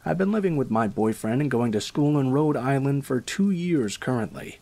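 A man's voice: medium pitch, expressive, moderate pace, darkish tone. Man reading a first-person horror story. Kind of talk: scripted horror story narration.

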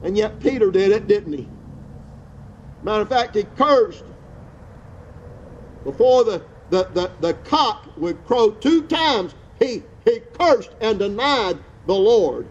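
A male pastor with a high-sitting voice preaches an outdoor sermon with fervor at an outdoor church service. He speaks slowly with lively intonation, repeating phrases and restarting words, and the recording's highs are cut off.

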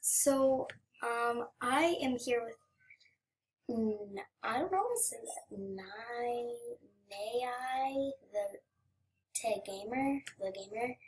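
Excitable high-voiced female gamer, slow talk. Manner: excitable, chatty, drops to whispers while typing. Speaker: gaming channel host. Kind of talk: casual gaming commentary.

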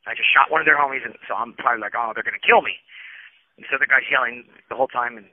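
A man's voice: mid-range voice, fairly even intonation, racing, dry recording. A man in prison telling his own story over the phone, rambling and restarting often, acting out what people said. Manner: rambling, restarts often, acts out quoted lines. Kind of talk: candid first-person storytelling over the phone. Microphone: telephone. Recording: tinny prison phone line.

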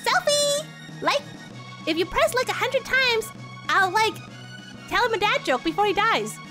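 Bratty young princess, played by a woman, valley-girl, high and lively. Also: unhurried, soft background music, exaggerated voice. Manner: whiny, valley-girl, dramatic. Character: bratty spoiled young princess, wannabe influencer.

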